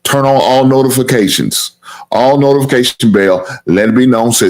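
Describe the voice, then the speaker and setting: A man hosting a casual live-stream sports talk show, with a deep voice, rambling and repeating himself and swearing now and then. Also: moderate pace. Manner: rambling, repetitive, plugs the channel, swears casually.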